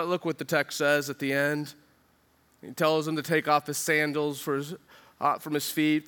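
A man preaching a sermon as pastor, earnest and urgent, asking the listeners questions and acting out what they might say, dropping low and quiet for emphasis. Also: clean tone. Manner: earnest preaching with rhetorical questions and quoted voices.

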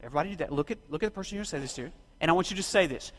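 A pastor racing through his sermon fires questions at the congregation and tells them what to do, the church hall's long reverb trailing behind. His expressive voice is on the high side with a fairly bright tone.

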